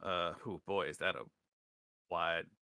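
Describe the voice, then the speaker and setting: Gravelly, bright-voiced man in role-play. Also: sits low, fairly even intonation, unhurried, dry recording, clean studio sound. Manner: folksy drawling talk. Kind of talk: in-character tabletop role-play.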